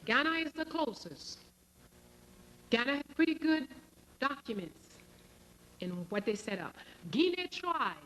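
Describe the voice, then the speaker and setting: A woman's voice: sits high, animated, a little slow, pauses often, fairly bright tone. A woman, a historian giving an emphatic, sarcastic lecture and putting questions to her audience. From Haiti. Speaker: historian and teacher.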